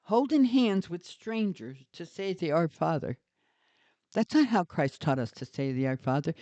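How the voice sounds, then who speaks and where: An older woman vents in an indignant, scornful monologue, heavy with sarcasm. Her voice is warm and mellow. The recording is dry and a little dull, like a lo-fi home setup. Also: sits low, dry recording. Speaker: vlogger. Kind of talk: ranting monologue to camera.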